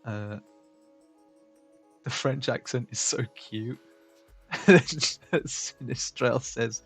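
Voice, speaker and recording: A man's voice: medium pitch, extremely slow, creaky, long pauses, fairly bright tone, breathy edge, no room sound. A man co-hosting a drawing live stream, chatting casually, laughing often and reading viewer comments aloud. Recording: faint background music.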